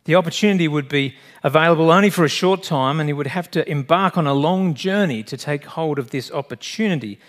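Male pastor preaching, earnest and direct, voice a touch high. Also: brisk, hardly any pauses. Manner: earnest, direct, asks the congregation questions. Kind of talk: sermon.

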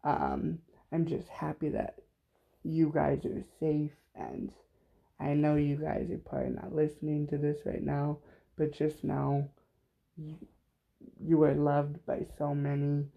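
A man hosting an unplanned solo podcast, talking haltingly with many fillers, emotional and close to tears. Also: on the high side, steady tone, gravelly, dull audio. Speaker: podcast host.

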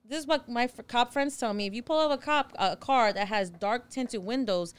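A woman co-hosting a podcast in casual chat, telling stories in an animated, blunt and profane way. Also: fairly high pitch, fairly quick, clear, resonant tone, no echo. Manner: animated storyteller, acts out both sides of a quarrel. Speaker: podcast co-host.

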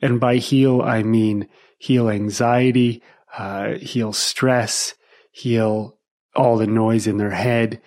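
A man hosting a meditation podcast, talking in a relaxed, easygoing way and laughing at his own stories. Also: fairly low pitch, slow. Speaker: meditation teacher and podcast host. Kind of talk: relaxed podcast monologue with storytelling.

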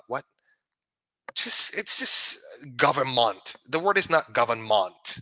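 A man's voice: mid-range voice, bright, forceful tone, no echo, rough recording. A man ranting into the camera, swearing often and repeating himself as he builds his points. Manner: profane, heated and repetitive, with frequent restarts. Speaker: vlogger. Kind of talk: ranting commentary.

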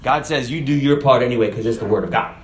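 A man preaching a sermon in an animated, emphatic way. He talks conversationally and keeps asking his listeners questions. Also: mid-range voice, fast. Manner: animated, emphatic, acts out voices; conversational, asks the audience questions.

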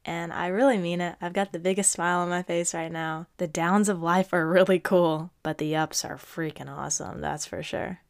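Young woman podcast host, lowish voice, earnest and encouraging, slightly stuffy, drifts into near whispers. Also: fairly even intonation, moderate pace, gravelly, hardly any pauses. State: a little stuffy. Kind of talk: reflective faith-based podcast monologue.

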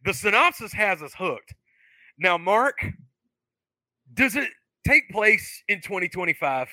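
Bright enthusiastic male co-host. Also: high-pitched, very animated, measured pace, no echo. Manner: enthusiastic, laughs often. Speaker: podcast co-host. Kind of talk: casual chat.

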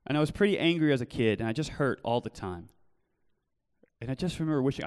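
A man's voice: mid-range voice, lively intonation, fast talker, clean tone. Earnest male preacher in a reverberant hall. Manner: earnest, shifts from loud storytelling to soft pleading. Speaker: pastor. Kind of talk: sermon with personal testimony. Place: church hall.

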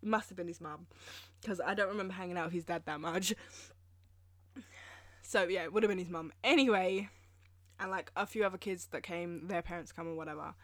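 A woman's voice: on the low side, brisk, pauses often, dry recording. A young woman from England, telling rambling, self-mocking stories in a casual solo podcast, full of fillers. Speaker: podcast host. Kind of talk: casual monologue.

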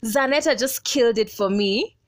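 A young woman with a Kenyan accent co-hosts a relaxed podcast, reading listener comments aloud in an easygoing way. Her voice sits a little on the high side. She slips casually between English and Swahili slang. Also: moderate pace. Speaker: podcast co-host.

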